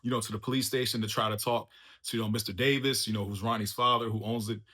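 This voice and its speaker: Fast, bright-voiced man reviewing a show. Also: lowish voice, husky. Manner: excitable, laughs often, slangy asides. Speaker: TV review channel host. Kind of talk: casual spoiler review chat.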